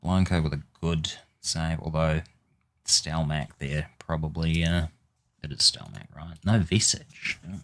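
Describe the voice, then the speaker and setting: A man with a low, deep voice talks through a football management game in an unhurried drawl. He grumbles, swears and mutters at his team in exasperation. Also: steady tone, a bit bright. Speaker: gaming YouTuber. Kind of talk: casual gameplay commentary.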